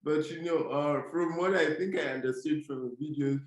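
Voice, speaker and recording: A man's voice: a little high, normal speed. A man interviewing a guest, asking questions hesitantly with many fillers. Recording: echoey room.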